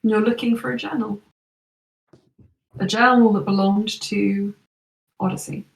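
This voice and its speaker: A woman game master describes a scene in a measured, descriptive manner for her players. Her voice sits at a middle pitch and carries a noticeable room echo. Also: steady tone, vocal fry, far from the mic. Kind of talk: narrating a tabletop game.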